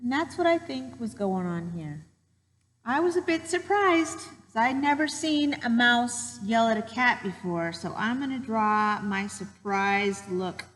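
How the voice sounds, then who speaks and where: A woman teacher telling a true story to children in a gentle, patient way while she draws. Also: on the high side, lively intonation, a little slow, in a large hall, low-quality recording.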